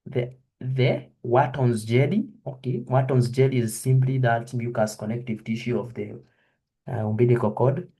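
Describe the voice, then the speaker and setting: A man's voice: medium pitch, darkish tone, husky. A man giving an anatomy review lesson, quizzing his students and repeating each question and answer. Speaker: anatomy lecturer. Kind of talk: online histology review lesson.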